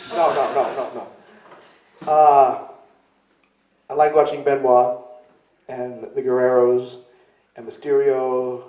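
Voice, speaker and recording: A man's voice: mid-range voice, dark tone. Rambling man, distant in a roomy club. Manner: rambling, self-deprecating, acts out quoted voices. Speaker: interviewee, wrestler. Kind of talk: casual storytelling interview. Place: club in London. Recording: roomy, distant, dull lo-fi camcorder sound.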